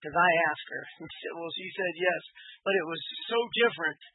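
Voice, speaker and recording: A man's voice: fairly high pitch, a little fast, slight background noise. A man in casual conversation on a phone call, rambling with hesitant restarts and frequent laughs. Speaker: caller. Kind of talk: casual chat. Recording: tinny phone line.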